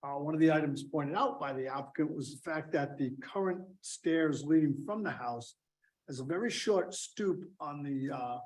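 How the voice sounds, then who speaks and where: A man's voice: on the high side, normal speed, darkish tone, poor audio. A man chairing a town zoning board meeting, reading out agenda items and calling on members to vote.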